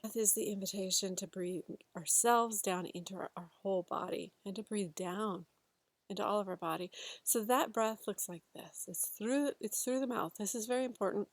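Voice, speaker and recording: A woman guiding a breathwork class, talking gently and unhurriedly with a few fillers. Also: medium pitch, normal speed, no echo. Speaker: breathwork facilitator. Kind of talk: guided instruction to a class.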